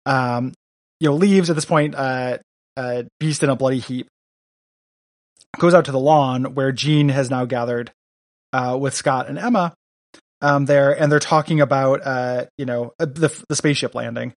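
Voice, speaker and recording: A man's voice: medium pitch, moderate pace, no echo, clean studio sound. A man co-hosting a podcast, chatting casually about a comic book, rambling with lots of fillers and reading out lines. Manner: rambling, many fillers, reads villain lines aloud. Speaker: podcast co-host.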